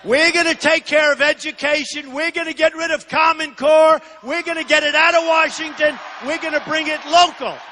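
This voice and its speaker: A man in his sixties giving a campaign rally speech from a podium, emphatic and repetitive, shouting some lines. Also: very high-pitched, fairly even intonation, moderate pace, few pauses, a faint crowd, slight background noise. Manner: emphatic, repetitive, punchy phrasing. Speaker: political candidate. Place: large rally venue. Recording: long reverb of a large hall.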